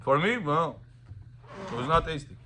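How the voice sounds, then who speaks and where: A male rabbi teaching a class on Sabbath laws to students. He quizzes them, tells lively anecdotes, and switches between languages. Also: fairly high pitch, normal speed, a little hiss or hum. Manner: animated storyteller, quizzes students, mixes in Russian and Hebrew.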